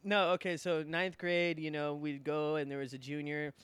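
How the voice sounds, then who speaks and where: A young man co-hosting a casual podcast chat, telling a halting story with many fillers and swearing. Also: fairly high pitch, level tone, a bit bright, clean tone, no room sound. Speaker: podcast co-host.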